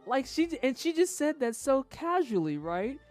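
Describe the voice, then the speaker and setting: A woman's voice: sits high, very animated, soft background music. A woman live-streaming a game, and her voice swings widely up and down as she reacts. She trash-talks her opponents playfully, swears at every setback and keeps up casual running commentary. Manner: loud, playful trash talk; quick reactions, frequent swearing.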